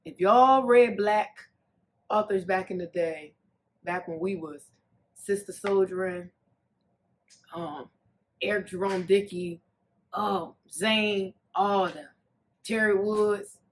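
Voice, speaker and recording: A woman hosting a casual TV recap, talking in a sassy, animated way that swings between loud jokes and soft, earnest asides. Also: medium pitch, slow, long pauses, a little hiss or hum. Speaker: recap host.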